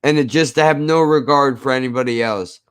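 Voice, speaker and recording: A man's voice: mid-range voice, a little fast, a bit bright, clear, resonant tone. A man from New Jersey hosting a podcast, ranting emphatically in casual chat, repeating himself and swearing. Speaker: podcast host.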